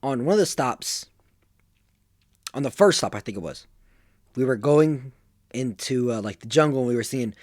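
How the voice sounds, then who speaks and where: Young man, eighteen, casual storytelling, rambling, medium pitch. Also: lively intonation, normal speed, long pauses, a little mellow, no echo, clean studio sound. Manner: rambling, full of fillers and restarts. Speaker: vlogger.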